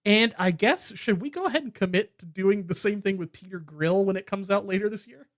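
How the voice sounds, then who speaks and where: A man's voice: high voice, brisk. A man co-hosting a comedy podcast, chatting casually and rambling with fillers and stammers. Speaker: podcast co-host.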